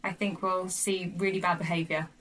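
A bright, forward woman in her thirties chats over a video call as a podcast co-host. She talks in stops and restarts and breaks into acted-out voices when she tells a story. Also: fairly low pitch, flat delivery, normal speed, poor audio. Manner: chatty, restarts a lot, acts out voices in anecdotes. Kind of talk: casual chat.

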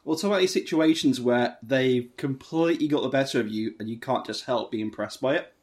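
Relaxed man leaving a chatty message. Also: medium pitch, a little fast.

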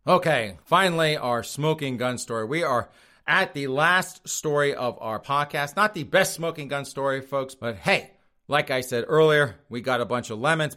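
A male podcast host delivers scornful commentary from a studio, pausing often to chuckle at his own jabs. His voice sits at an ordinary middle pitch, and his tone stays sneering and mocking throughout. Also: fairly bright tone. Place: studio outside Boston.

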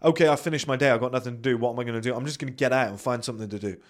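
A man's voice: mid-range voice, rapid-fire. Blunt, sweary man. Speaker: podcast host. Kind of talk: blunt motivational monologue.

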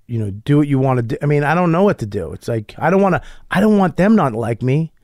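A man chatting as a guest comedian, telling stories in an animated way, acting out other people's voices and swearing freely. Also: fairly high pitch, fast, dry recording, studio quality. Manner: animated storyteller, acts out voices, swears a lot. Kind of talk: casual podcast conversation.

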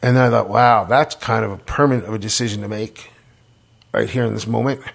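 Gravelly, husky man telling a story. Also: fairly low pitch, fairly even intonation, fairly quick. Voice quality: gravelly, husky, many repeated words and restarts. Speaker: interviewee telling his story. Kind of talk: casual storytelling.

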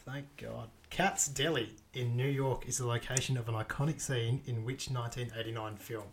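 A man's voice: medium pitch, fairly even intonation, normal speed, slight background noise. A man co-hosting a podcast, reading out quiz questions in a dry, teasing, laid-back way. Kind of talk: casual chat.

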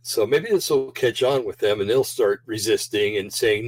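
A man's voice: on the low side, normal speed, low-quality recording. A man hosting a show in a casual, rambling monologue, full of fillers and restarts, and slightly out of breath. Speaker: show host.

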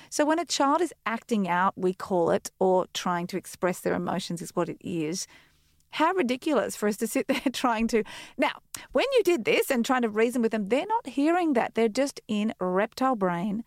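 A woman's voice: mid-range voice, creaky, dry recording, studio quality. A woman, a guest on a parenting podcast, speaking candidly and acting out quotes with animation. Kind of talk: casual chat.

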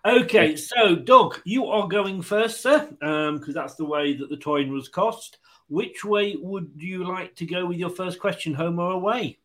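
A man's voice: sits high, a little slow, fairly bright tone. A man hosting a casual online quiz, joking and laughing as he explains the rules and reads comments. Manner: jokey, chatty, laughs often. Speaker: quiz host.

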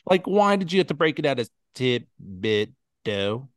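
A man's voice: high-pitched, rapid-fire, dry recording, clean studio sound. A man co-hosting a podcast in casual chat, telling stories and acting out other people's lines in quoted voices. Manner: animated storyteller, acts out quoted voices. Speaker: podcast co-host.

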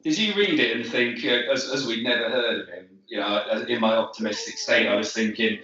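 A man's voice: medium pitch, brisk, pushed and bright. A man co-hosting a casual football podcast, telling a wry story in a chatty way. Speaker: podcast co-host. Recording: distant, very echoey, dull sound.

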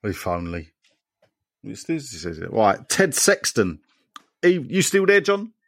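Lively podcast host, dry sound. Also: male voice, mid-range voice, a little slow, no room sound. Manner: jokey banter with co-hosts, animated. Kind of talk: casual chat, reading listener messages.

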